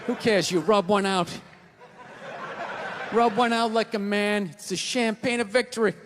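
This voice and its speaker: A man doing a stand-up comedy set on a theater stage, ranting in a loud, exasperated way. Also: sits high, steady tone, unhurried, noisy background. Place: large theater stage with live audience. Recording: live theater recording with long reverb and crowd.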